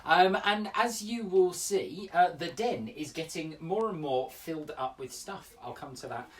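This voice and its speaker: A man's voice: fairly high pitch, a little slow, far from the mic. A man in his forties, an upbeat poet hosting a casual daily poetry show from home, chatting with lots of ums and uhs. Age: 40s. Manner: chatty, upbeat, full of fillers. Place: home room.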